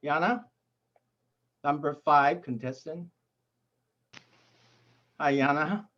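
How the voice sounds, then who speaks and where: A man acting as toastmaster for a speech contest, chatting with contestants in a joking, halting way over a video call. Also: fairly high pitch, lo-fi sound. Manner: jokey, halting with restarts. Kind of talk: friendly interview banter.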